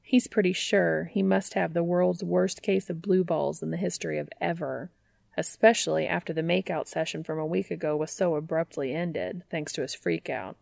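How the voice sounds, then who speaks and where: Gravelly woman reading fan fiction. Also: fairly low pitch, darkish tone, no room sound. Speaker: narrator.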